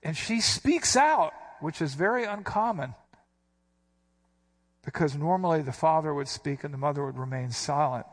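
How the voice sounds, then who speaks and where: Pastor, male, a touch high in pitch; expository sermon, explains Greek words, punches the quoted lines. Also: animated, normal speed.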